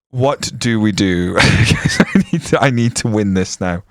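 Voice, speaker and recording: A man talks slowly and deliberately, his pitch leaping all over the place as he curses and shouts at the match. His voice is smooth and clear. The sound is close and dry, with no room around it. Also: animated, no echo. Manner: swears constantly, yells at the match. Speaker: streamer. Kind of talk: live game-stream commentary. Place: room at home with window open.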